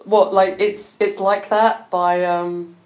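A woman's voice: medium pitch, little pitch movement, slow, highs cut off, noisy background. A woman hosting a podcast, chatting with enthusiasm and laughing often. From England. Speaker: podcast host. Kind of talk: casual chat.

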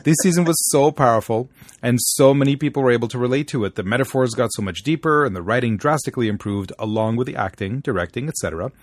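A man's voice: mid-range voice, quick pace, no echo. Man, podcast host, playful and jokey, dry close sound. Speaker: podcast host reading listener emails. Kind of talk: casual chat.

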